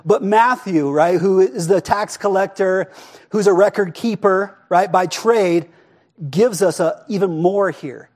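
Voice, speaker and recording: A pastor delivers a sermon in a loose, conversational manner, peppering his points with quick rhetorical checks. His voice sits high for a man, and he sinks to a near hush when he wants a line to land. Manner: conversational preaching, frequent rhetorical "right?"; expressive, drops to a hush for emphasis.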